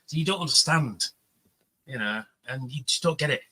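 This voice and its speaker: A man telling an animated story on a livestream panel, swearing freely and acting out the voices of the people he quotes. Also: medium pitch, fast, low-quality recording. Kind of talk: casual chat, storytelling.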